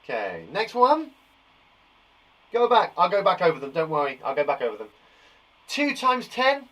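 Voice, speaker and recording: A man's voice: high voice, wildly swooping pitch, normal speed, a bit bright. A young man teaching a live maths lesson for young children, encouraging and reassuring, thinking aloud as he counts up in tens.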